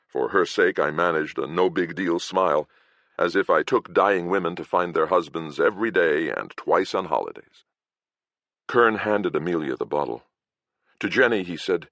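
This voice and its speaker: A man's voice: extremely low pitch, moderate pace, creaky, fairly bright tone, dry recording. A man reading a fantasy detective novel aloud in a dry, wry first-person narration. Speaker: audiobook narrator.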